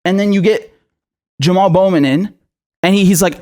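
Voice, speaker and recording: A man's voice: sits high, lively intonation, a little fast. A man giving an angry, profane political rant to camera, sarcastic and repeating himself for emphasis. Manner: mocking mimicry in asides. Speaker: political commentator.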